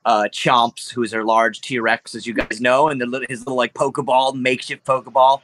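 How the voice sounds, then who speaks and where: A man's voice: mid-range voice, flat delivery, moderate pace, a bit bright, slight background noise. A man narrating as game master of a tabletop game, rambling loosely with lots of fillers and easy laughs.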